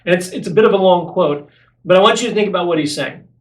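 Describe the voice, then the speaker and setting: A man's voice: high voice, fast talker, echoey room, low-quality recording. A man hosting a faith podcast, explaining ideas earnestly and repeating key phrases for emphasis. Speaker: podcast host. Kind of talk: apologetics podcast teaching.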